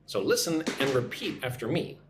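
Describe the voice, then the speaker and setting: A man's voice: mid-range voice, sing-song, moderate pace, echoey room, background noise. Chatty man teaching English live. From United States. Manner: chatty, reads out comments, greets viewers in their languages. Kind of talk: live stream chat with viewers.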